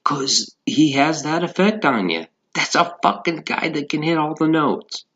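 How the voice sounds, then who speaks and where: A man's voice: fairly high pitch, animated, unhurried, fairly bright tone, dull audio. A man in a casual, profane, rambling rant about music, talking as a podcast host.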